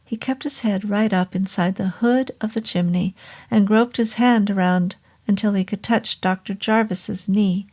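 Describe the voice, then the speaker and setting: A woman reading a horror novel aloud as an audiobook, in a slow and measured way. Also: mid-range voice, a little mellow. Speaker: audiobook narrator.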